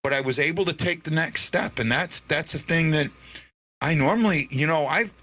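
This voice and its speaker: A man's voice: fairly high pitch, sharp tone. Earnest man choking back tears. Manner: earnest, repeats himself, halting restarts. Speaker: podcast host. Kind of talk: emotional unscripted monologue.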